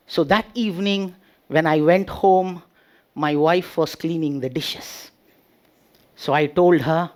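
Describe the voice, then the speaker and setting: A man giving a humorous motivational speech with drawn-out delivery and pauses before punchlines. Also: sits high, clear, resonant tone. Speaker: speech contest speaker.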